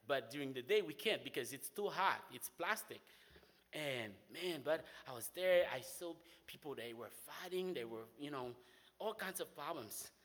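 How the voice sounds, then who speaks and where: A young man from Haiti with a Haitian accent, telling a personal faith testimony in an animated way, often saying "man". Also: fairly high pitch, moderate pace. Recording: long hall reverb.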